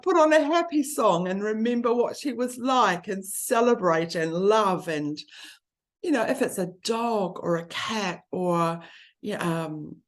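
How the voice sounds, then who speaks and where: A woman's voice: medium pitch, lively intonation, a little slow. A woman, speaking earnestly and from the heart in a conversation about grief. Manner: earnest and heartfelt, speeding up when listing.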